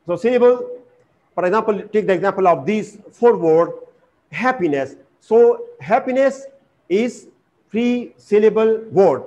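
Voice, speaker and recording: A man with a high-pitched voice teaches an English lesson at a deliberate pace. He pauses on "uh" and repeats each word syllable by syllable, leaning hard on the stress. The recording is muffled and lo-fi. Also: animated, warm tone. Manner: slow and deliberate, repeating words with exaggerated stress, frequent "uh". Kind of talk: vocabulary lesson. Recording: dull lo-fi recording.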